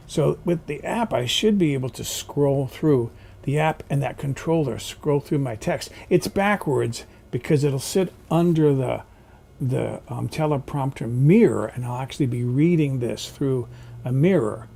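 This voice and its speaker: Guy rambling on in his home vlog, lively up and down voice, gravelly and a bit husky. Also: mid-range voice, measured pace. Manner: chatty, rambling, opinionated. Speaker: vlogger. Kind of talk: casual rambling monologue. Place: home kitchen.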